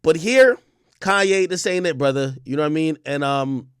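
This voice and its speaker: A man's voice: on the high side, normal speed, smooth, no echo, clean studio sound. A man giving casual livestream commentary, emphatic and profane, often repeating words and restarting sentences. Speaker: streamer and commentator.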